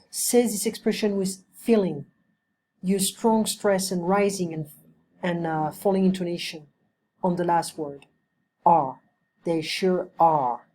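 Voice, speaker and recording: A woman tutoring English on a video call, her voice low and mellow. She explains patiently and says each example sentence slowly and clearly. A faint hum of room noise sits behind her. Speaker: English teacher. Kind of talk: one-on-one language lesson.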